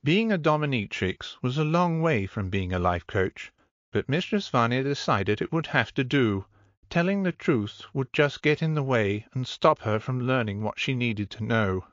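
A man's voice: mid-range voice, expressive, normal speed, a bit bright, no echo, dull audio. A man narrating an audiobook in a dry, wry manner.

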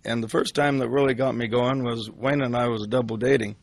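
A man's voice: medium pitch, fairly even intonation, fairly quick, gravelly. An older man telling a personal story in a casual, rambling way, full of restarts.

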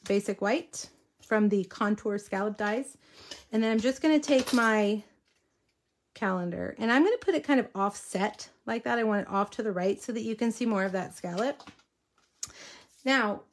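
A woman giving a casual live card-stamping tutorial from her home craft room. She is chatty and easily distracted, breaking off to talk to her viewers and her dogs. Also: a little high. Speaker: stamping and card-making demonstrator.

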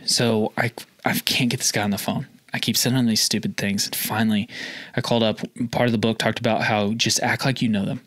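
A man's voice: fairly low pitch, level tone, a little fast, a bit bright, dry recording. A man from Oklahoma, a store owner, telling stories in a casual interview, rambling and filling his talk with lots of "like". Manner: rambling, filler-heavy with lots of "like". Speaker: feed store owner, guest.

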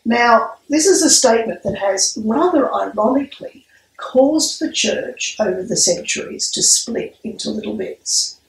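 A woman priest giving a sermon with a measured, storytelling delivery. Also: fairly high pitch, expressive. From Australia. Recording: echoey room, mic at a distance.

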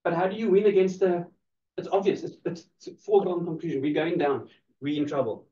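A man's voice: fairly high pitch, fairly quick, mellow, a little hiss or hum. Playful man lecturing in an echoey room. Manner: playful, teasing the audience, laughing often. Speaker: law lecturer. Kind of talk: lively classroom lecture. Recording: distant echoey lo-fi room recording.

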